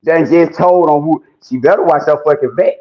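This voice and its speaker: A man, giving animated ranting commentary, loud and mocking, swearing often and laughing as he talks. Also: on the high side, fairly quick. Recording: dull lo-fi sound.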